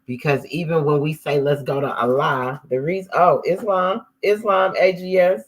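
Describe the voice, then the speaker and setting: Brief: male host, higher-pitched, lively and exclamatory, casual faith-discussion live stream. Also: moderate pace, poor audio. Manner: animated, exclaiming, swings loud and high when excited.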